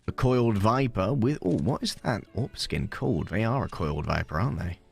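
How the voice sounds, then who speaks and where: A man casting a live esports match, jokey and excitable, dropping low for quiet moments and rising high on big plays. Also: fairly quick, gravelly. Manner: excitable, jokey, swings from low murmurs to high hype calls. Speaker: esports caster. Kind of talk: live esports play-by-play commentary.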